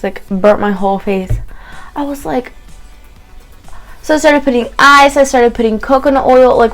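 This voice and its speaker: Chatty swearing young woman vlogger. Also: fairly high pitch. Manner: chatty, candid, swears freely, quotes herself in lively asides. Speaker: beauty vlogger. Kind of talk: casual story-time chat to camera.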